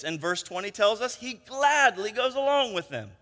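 A man's voice: high voice, animated, moderate pace, a bit bright. A man preaching a sermon, retelling a story in a chatty storytelling manner and often checking in with "right?". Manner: conversational storytelling, frequent tag questions. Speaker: pastor. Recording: long hall reverb.

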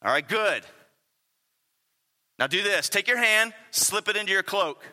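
A man's voice: high voice, expressive, a little slow, bright, forceful tone, long reverb tail, exaggerated voice. A man voicing God as a patient, fatherly deity who coaxes and instructs emphatically. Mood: coaxing.

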